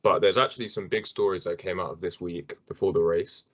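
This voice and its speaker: A man's voice: low voice, fairly even intonation, fairly quick, fairly bright tone. A young man hosting a casual sports podcast, chatty and rambling, with fillers and restarts. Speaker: podcast host.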